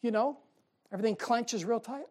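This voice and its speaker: A man's voice: extremely high pitch, normal speed, a little mellow. A man preaching a sermon in a folksy, conversational way, often asking the congregation questions.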